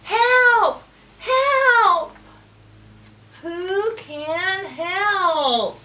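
A woman voicing a small male duck stuck in the mud, crying out for help in shrill shouts. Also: big pitch swings, extremely slow, distant mic, full character voice. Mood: desperate.

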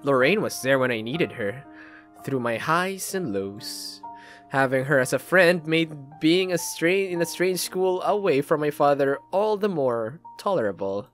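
A man's voice: fairly high pitch, lively intonation, a little slow, soft background music. Man reading a game's narration. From Philippines. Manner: dramatic, reads text aloud with asides and laughs. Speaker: let's play gamer. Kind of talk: reading game narration aloud with commentary.

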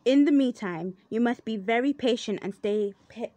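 A woman's voice: a little high, normal speed, warm tone, slight background noise, natural voice. A woman voicing a crafty, jealous male fox in a children's storybook reading, with a sly, coaxing manner.

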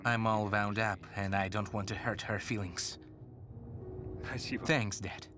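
A man dubbing a young husband caught between his wife and his mother in a TV drama, speaking in a measured way. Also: fairly low pitch, little pitch movement, over music. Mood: worried. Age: young adult. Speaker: husband and son. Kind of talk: dubbed TV drama acting.

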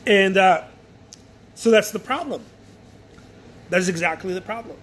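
High-voiced man chatting animatedly. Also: measured pace, breathy edge. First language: Spanish. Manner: animated, repeats himself, acts out other people. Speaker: painter. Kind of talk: casual studio chat. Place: art studio.

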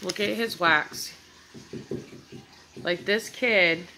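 Drawing out her words in a lowish voice, a woman talks to her viewers while reviewing candles, talkative and excited, calling them "you guys." Background noise can be heard in this casual product review vlog.

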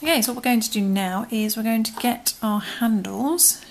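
A British crochet tutorial host speaks with a slightly high, creaky voice at a moderate pace. She's chatty as she walks through the steps, and her words often fade into murmurs and whispers mid-task.

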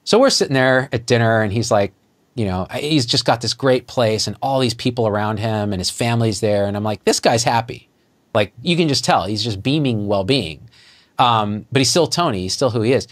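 A middle-aged man, a physician guest, telling a story in conversation and acting out the dialogue with lively jumps in his voice. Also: brisk. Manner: animated, acts out quoted dialogue with jumps in pitch.

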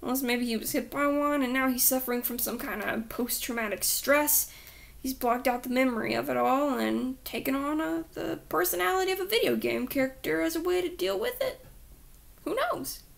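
A woman voicing a puzzled male police officer who muses out loud about a strange boy. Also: high voice, lively intonation, moderate pace, creaky, exaggerated voice.

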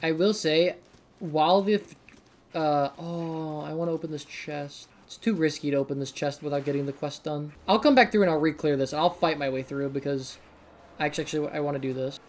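A woman's voice: sits low, brisk. A young woman streamer giving casual gameplay commentary, swearing often and talking to herself as she plays. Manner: profane, excitable, talks to herself.

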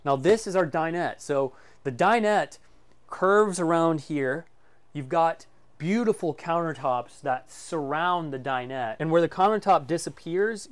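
A man casually presenting a walkthrough of a motorhome for sale, enthusiastic and full of fillers like "um" and "like". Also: on the high side. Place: inside a motorhome.

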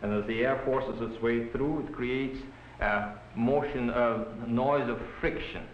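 A man's voice: mid-range voice, steady tone, takes it slowly, a little hiss or hum. Old-film male professor, patient and instructive, classroom lecture, echoey room, dull muffled sound. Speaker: language professor.

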